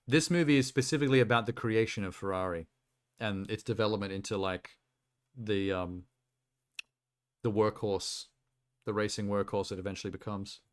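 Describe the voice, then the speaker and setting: A man's voice: lowish voice, normal speed, pauses often, clear, resonant tone. A man casually chatting on a live stream, reacting to trailers with fillers and laughs. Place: home streaming setup.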